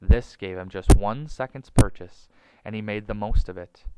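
A man narrating a storybook in a measured, dramatic way. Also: lowish voice, heavy background noise. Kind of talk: storybook reading.

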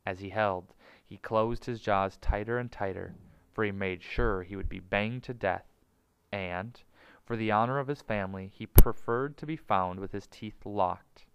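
A man narrating a storybook in a measured, dramatic way. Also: fairly low pitch, a little hiss or hum, rough recording. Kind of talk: storybook reading.

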